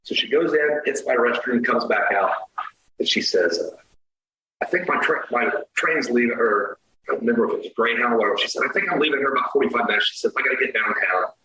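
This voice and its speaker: A middle-aged man telling a dating story as a podcast guest, animated, swearing and acting out the quoted lines. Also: mid-range voice, roomy sound, slight background noise, low-quality recording. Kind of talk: casual storytelling.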